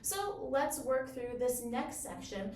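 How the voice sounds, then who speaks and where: A woman explaining bassoon technique in a clear, encouraging, step-by-step way. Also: expressive, takes it slowly, darkish tone, slight background noise. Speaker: bassoon teacher. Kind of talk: instructional explanation. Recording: roomy echo, from a distance.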